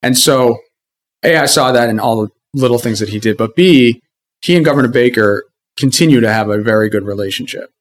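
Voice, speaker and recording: A man's voice: mid-range voice, brisk. A man who is an executive, a guest in a conversational interview, speaking earnestly and reflectively. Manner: earnest, reflective, with frequent restarts.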